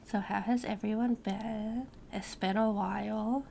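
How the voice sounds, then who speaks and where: A young woman streamer chatting casually and rambling to her viewers, swearing now and then, with a gravelly voice. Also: mid-range voice, fairly even intonation, unhurried, dark tone, slight background noise.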